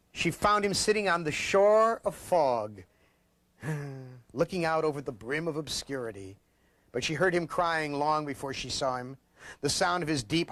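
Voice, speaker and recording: Host man from Ohio in his late fifties, dramatic reader and sardonic commentator, slightly high voice. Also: a bit bright, dry recording. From Ohio, USA. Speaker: host and author. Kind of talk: story reading and commentary.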